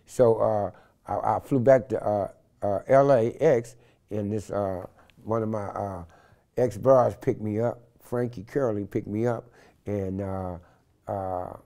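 A man's voice: on the low side, takes it slowly, creaky. An older man, telling a wild story in an interview and acting out the voices in it. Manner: animated storyteller acting out quotes in loud shifts. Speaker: interview guest.

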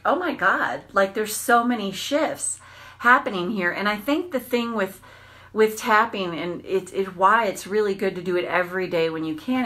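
A woman tapping coach giving an earnest, reflective self-help talk on a livestream, repeating phrases and slowing down for emphasis. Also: mid-range voice, fairly bright tone.

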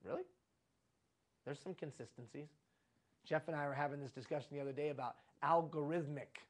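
A middle-aged man lectures live on leadership at a conference, standing in a conference room as a leadership trainer. His pitch is fairly high and his intonation fairly even, and he talks quickly. Expect a preachy, repetitive delivery full of rhetorical questions.

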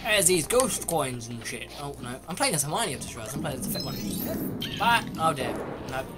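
A man's voice: on the high side, sing-song, moderate pace. A man bantering crudely while playing a co-op game. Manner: crude, jokey, swearing often. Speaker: gamer. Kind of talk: casual co-op gameplay banter. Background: loud game music.

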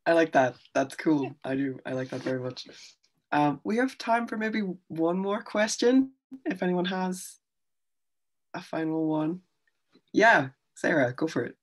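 A woman with a low voice hosts an audience Q&A. She moderates briefly and in a friendly way. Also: lively intonation, measured pace. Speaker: event host.

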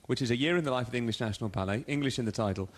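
A man's voice: mid-range voice, racing. A man presenting a live radio show on location at a ballet company, chatty and joking as he interviews guests and reads out listener texts.

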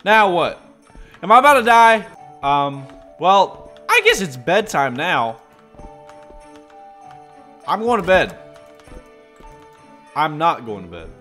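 Jumpy, lively young-sounding gamer man. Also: fairly high pitch, takes it slowly, long pauses, faint music behind. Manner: jumpy, talks to himself and the game. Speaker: gaming host. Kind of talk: horror game let's play commentary.

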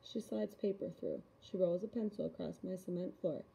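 A woman reading a children's novel aloud in a calm, even narration. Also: lowish voice, normal speed, vocal fry, rough recording. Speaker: reader. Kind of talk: storybook read-aloud.

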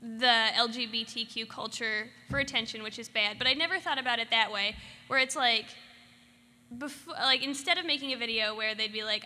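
A woman moderating a live panel discussion in an animated, storytelling way. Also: fairly high pitch, fairly quick. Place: convention hall stage. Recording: echoey hall with faint noise.

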